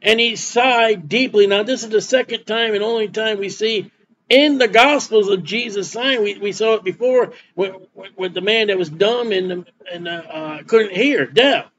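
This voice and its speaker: A man's voice: sits high, moderate pace, a bit bright, lo-fi sound, slight background noise. A man preaching a sermon as pastor, folksy and repetitive, reading scripture aloud between his comments. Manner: folksy preaching with repeated words and Bible reading.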